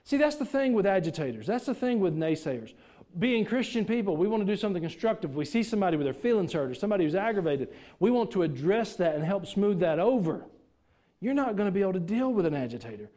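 A middle-aged man delivers a sermon in a church. His voice sits a bit high but sounds mellow and warm. He preaches in a folksy way, tossing rhetorical questions and jokes to the congregation. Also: sing-song, fast talker. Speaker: pastor.

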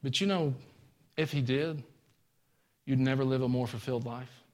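A man preaching a sermon in a folksy way, rising to high exclamations. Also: normal speed, darkish tone.

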